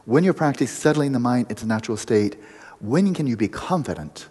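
A man's voice: mid-range voice, animated, fairly quick, warm tone, slightly rough. A man teaching meditation at a retreat, explaining practice with playful, joking asides. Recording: long hall reverb.

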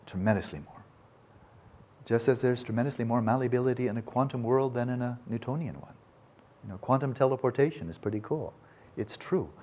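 A man's voice: medium pitch, fairly quick, a little mellow. A man giving an informal, digressive lecture, often restarting his sentences and talking with enthusiasm. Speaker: speaker on Buddhism and science.

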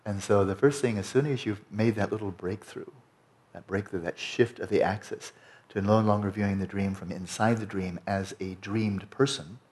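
Man, meditation teacher, retreat talk, conversational, slightly low pitch. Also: steady tone, normal speed, a little mellow. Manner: conversational, frequent "you know" and "right?".

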